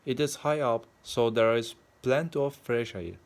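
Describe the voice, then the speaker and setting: A man voicing a small, gentle male bird in a plainly read storybook. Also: mid-range voice, moderate pace, natural voice.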